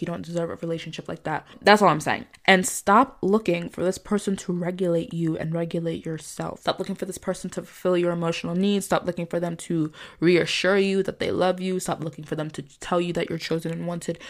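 Young female podcast host, calm, low-pitched for a woman, chatty and earnest. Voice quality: calm soft-spoken voice. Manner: chatty, filler-heavy, earnest advice-giving. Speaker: podcast host, manifestation coach. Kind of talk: casual solo podcast monologue.

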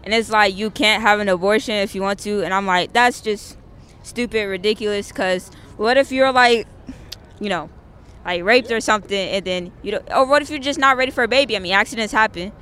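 A woman's voice: medium pitch, brisk, fairly bright tone, smooth. A woman from Georgia interviewed on the street, speaking earnestly with many "like"s. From Georgia, USA. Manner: earnest, filler-heavy speech with many "like"s. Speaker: passerby interviewee. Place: outdoors on a city street.

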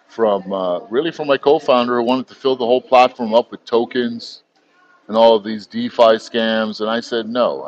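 A man's voice: low-pitched, highs cut off, slight background noise. A man, talking bluntly and heatedly as an interview guest and swearing freely. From United States. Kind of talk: candid interview talk.

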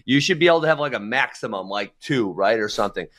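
A fast-talking man with a mid-range voice co-hosts a casual wrestling talk podcast. He's animated and opinionated, delivering rants.

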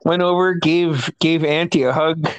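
A man hosting a casual chat, giggly and excitable, often stammering. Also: on the high side, measured pace, clean tone, low-quality recording. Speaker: podcast host.

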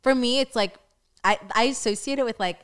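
A young woman from Staten Island, co-hosting a podcast and telling stories in a lively, casual way full of "like"s. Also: a little high, clear, resonant tone. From Staten Island, New York. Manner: animated, quick storytelling with many "like"s. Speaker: podcast co-host. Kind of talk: casual storytelling chat.

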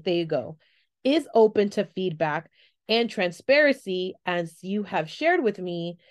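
Frank, expressive woman podcast host. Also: medium pitch. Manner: frank and expressive, swears freely, acts out quotes. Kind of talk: candid solo podcast monologue.

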